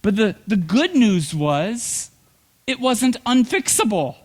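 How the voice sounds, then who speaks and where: A middle-aged man preaching from the pulpit in a notably high voice that leaps wildly up and down. He tells humorous stories and delivers them with animated energy. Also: slow pace. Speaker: pastor. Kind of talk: sermon.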